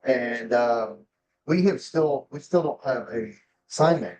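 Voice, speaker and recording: A man's voice: medium pitch, expressive, unhurried, a little mellow, low-quality recording. A man in a sign language class casually telling a story about a family member, rambling with an easy laugh. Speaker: class student.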